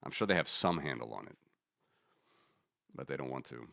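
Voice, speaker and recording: A man's voice: very deep voice, expressive, moderate pace, vocal fry, a bit bright, dry recording, studio quality. A man hosting a casual commentary stream, rambling and correcting himself as he talks through charts. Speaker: host.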